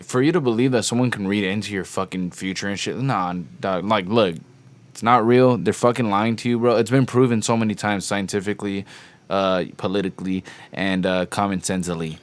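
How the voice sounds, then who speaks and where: A young man co-hosts a podcast in loose, slangy chat, swearing freely. His voice sits on the low side. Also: steady tone, fairly quick. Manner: loose and profane, slangy, does mock voices in anecdotes. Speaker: podcast co-host. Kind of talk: casual chat.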